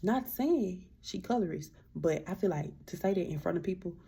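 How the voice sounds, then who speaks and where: A woman's voice: lowish voice, lively intonation, normal speed, dark tone, breathy edge. A woman giving a frank, self-mocking editor's-note voice-over with profanity. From Memphis, US. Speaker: vlogger adding an editor's note. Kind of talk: casual voice-over aside.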